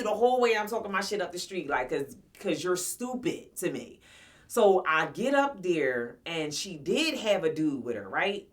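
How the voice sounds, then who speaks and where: A woman's voice: on the low side, sing-song, measured pace, far from the mic. A woman in her forties casually telling a personal story to her viewers, blunt, slangy and profane. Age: 40s. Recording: voice somewhat off-mic.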